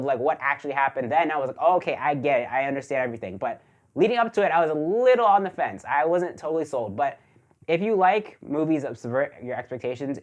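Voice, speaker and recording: A man talking casually in a video movie review, chatty and joking, with plenty of fillers, just back from being sick. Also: a little high. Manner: chatty, jokey, lots of fillers like "like". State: recovering from illness.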